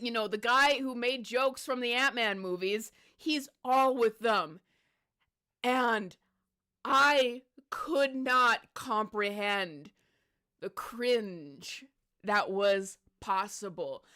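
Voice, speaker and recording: Female commentator, exasperated and sarcastic, crisp, bright tone. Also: fairly high pitch. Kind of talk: casual opinion commentary.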